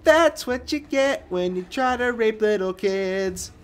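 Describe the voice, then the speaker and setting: A man giving excitable, joking let's play commentary on a game, swearing and talking back to the screen. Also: high voice, a little slow, slight background noise. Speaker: gaming commentator. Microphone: new desk mic with webcam.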